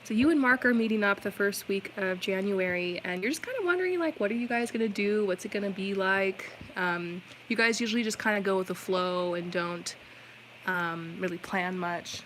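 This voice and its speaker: A woman doing a live-stream tarot reading, chatty and reassuring, with plenty of "like" and "um" fillers. Her voice sits at a middle pitch, and faint background noise runs under the stream. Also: normal speed, a bit bright, poor audio. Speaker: tarot reader.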